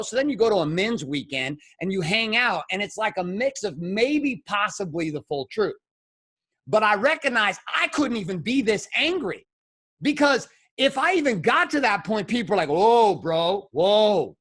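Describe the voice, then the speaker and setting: Fiery, profane man with swinging pitch. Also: sing-song, moderate pace, husky. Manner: blunt, profane, swings from shouting to low intensity. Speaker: podcast guest, men's coach. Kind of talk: impassioned conversational monologue.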